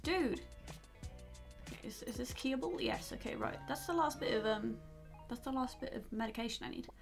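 High-voiced playful woman gamer. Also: normal speed, gravelly, over music. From outside the United States. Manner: playful, reads game dialogue aloud. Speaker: gaming YouTuber. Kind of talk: let's play commentary.

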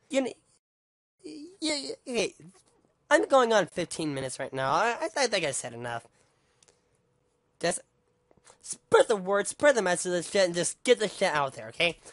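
A man's voice: high-pitched, a bit bright, no room sound, clean studio sound. A man ranting angrily into the camera, swearing a lot and tripping over his words with repeated restarts. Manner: heated, profane, stammering restarts. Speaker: vlogger. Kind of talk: angry rant monologue.

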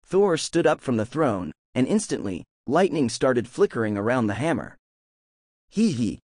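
A man narrating a fan-made audiobook of a fantasy web novel with expressive storytelling. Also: medium pitch, normal speed.

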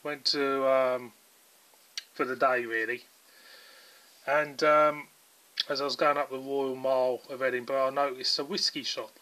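A man with a southern English accent talks through a beer review in a relaxed, meandering way, full of ums and asides. His voice sits at an ordinary pitch but has a bright, forward ring to it. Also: unhurried, pauses often. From England. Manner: chatty, rambling, filler-heavy. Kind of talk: casual video review.

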